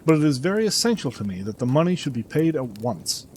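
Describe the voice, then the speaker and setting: Haughty nobleman, brisk and businesslike, lively pitch, read by a male narrator. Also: a little hiss or hum, natural voice. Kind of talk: audiobook character reading.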